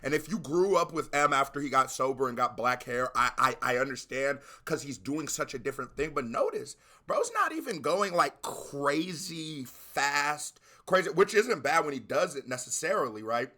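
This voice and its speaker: A man hosting a music reaction video, talking casually and breaking into loud excited exclamations. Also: fairly high pitch, normal speed, few pauses. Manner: animated, bursts into shouted exclamations.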